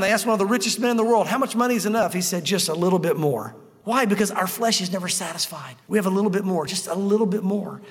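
A man's voice: sits high, long reverb tail. A man preaching a sermon in a conversational, emphatic style, repeating key phrases for effect. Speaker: pastor.

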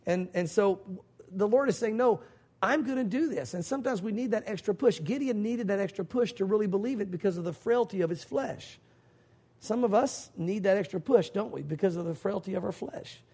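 A man's voice: high voice, brisk, gravelly, mellow, husky. A middle-aged male pastor preaching an evening sermon, emphatic and conversational, acting out quoted speech. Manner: emphatic, acts out God's voice in quotes.

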